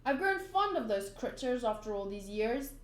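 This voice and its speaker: A woman voicing a grumpy, lonely middle-aged man who guards a forest, with a gruff manner. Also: fairly high pitch, sing-song, normal speed. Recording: roomy echo.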